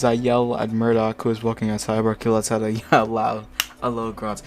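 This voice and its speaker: A man's voice: fairly low pitch, completely flat delivery, moderate pace. A young man reading a fan fiction aloud for laughs, breaking off into crude, joking commentary. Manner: mock-dramatic reading broken by crude, joking asides. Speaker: host reading fanfic aloud. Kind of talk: comedic dramatic reading with commentary.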